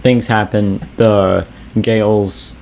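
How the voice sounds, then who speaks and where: A man casually recapping a horror movie plot with a co-host, animated in his retelling. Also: slow pace, gravelly, slight background noise. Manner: animated retelling, acts out quotes in high voices. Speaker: movie reviewer.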